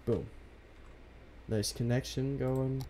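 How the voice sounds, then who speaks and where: A young man streaming a city-building game from his home computer, chatting casually with viewers in a soft, half-whispered, laid-back way. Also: medium pitch, steady tone, slow pace, slight background noise. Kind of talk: casual live-stream commentary.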